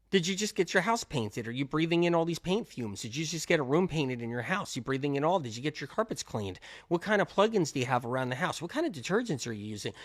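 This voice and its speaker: A middle-aged man hosting a health talk in an animated monologue. He is emphatic, repeats himself, fires off rhetorical questions and swings between loud outbursts and low-key talk. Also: no room sound, clean studio sound.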